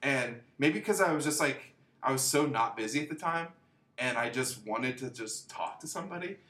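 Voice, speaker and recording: A man in a casual chat, telling animated stories and acting out the voices of people he quotes, laughing often. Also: medium pitch, normal speed. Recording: echoey room.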